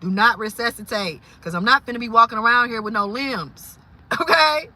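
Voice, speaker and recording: A woman from Louisiana hosts a casual livestream chat, her voice pitched a little high and very bright. She talks in an exclamatory, incredulous way and breaks into laughter often. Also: normal speed. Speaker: livestream host.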